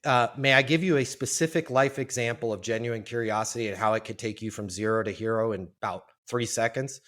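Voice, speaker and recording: A man telling a story as a podcast guest, in a lively, animated way and acting out what people said. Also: mid-range voice, brisk. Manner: animated, lively storyteller who acts out quotes. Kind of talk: storytelling in a casual interview.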